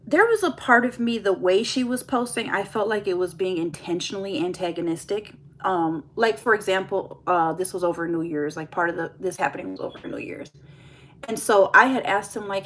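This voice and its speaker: A woman's voice: on the low side, a little fast, a bit bright. A young woman vlogger chatting candidly to her viewers in a get-ready-with-me video, telling a personal story and laughing at times as she talks. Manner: candid, confessional, laughs while telling, addresses viewers as y'all.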